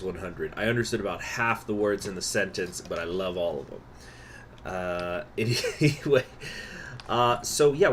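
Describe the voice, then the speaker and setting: A man's voice: on the low side, a little hiss or hum. A man casually commentating his strategy game on a live stream, chatting with viewers as he goes. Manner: chatty, answers chat, many fillers.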